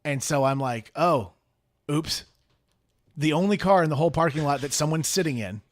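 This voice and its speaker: Male co-host, casual chat, somewhat high pitch, animated, self-deprecating humor. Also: fast. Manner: self-deprecating, jokey storyteller. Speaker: podcast co-host.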